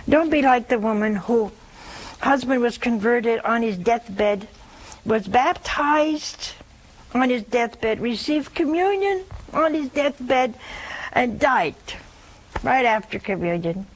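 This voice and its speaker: A woman hosting a show, giving gentle, folksy spiritual counsel to a listener and often adding a questioning "see?". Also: fairly high pitch, lively intonation, slow, poor audio. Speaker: host giving spiritual advice.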